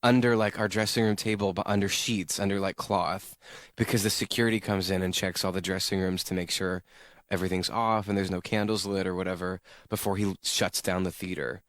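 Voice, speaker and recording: A man guesting on a radio interview, telling bubbly stage stories full of "like" and quick laughs. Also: low-pitched, fairly even intonation, a bit bright, no room sound, clean studio sound. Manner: bubbly, lots of "like", laughing asides. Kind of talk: chatty interview anecdotes. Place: radio studio.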